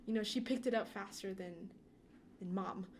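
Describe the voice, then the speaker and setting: A young woman chats on a podcast, light and easygoing, with laughs between her phrases. Her pitch sits in the middle. A steady background noise runs under her voice. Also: normal speed. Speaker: podcast co-host. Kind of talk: casual chat.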